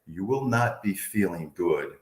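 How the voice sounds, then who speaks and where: A man in his fifties, a former football player from the Bay Area, telling animated stories in an interview and acting out quotes. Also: sits low, measured pace, roomy sound. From Bay Area, United States. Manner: animated storyteller, acts out quotes, laughs often. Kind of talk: candid interview storytelling.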